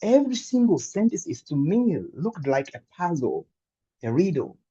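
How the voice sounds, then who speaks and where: Man in his thirties, from Angola, humorous club speech, very dark voice, lively pitch, dull lo-fi sound. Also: husky. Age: 30s. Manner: animated storyteller with dramatic pauses. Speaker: club speaker.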